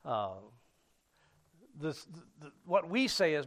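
A man's voice: on the high side, very animated, fairly bright tone. Man preaching with frequent fillers. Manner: unhurried Bible teaching with frequent fillers and restarts. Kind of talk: sermon.

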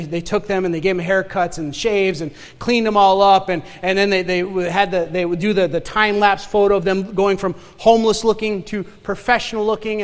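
A man's voice: high voice, big-room sound. A male pastor from northern Michigan with a Yooper accent, preaching a sermon full of rhetorical questions and repeated words.

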